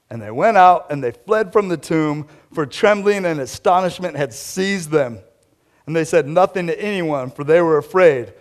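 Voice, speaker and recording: A man delivering a sermon with lively, conversational storytelling. His voice sits somewhat high for a man, and he keeps turning to address his listeners directly, as if chatting with them. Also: moderate pace. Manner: animated storytelling, talks straight to listeners. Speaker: pastor.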